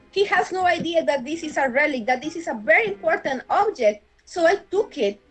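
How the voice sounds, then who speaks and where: A woman's voice: sits high, poor audio. A woman playing a tabletop game, arguing her moves earnestly and stumbling over her words. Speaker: player.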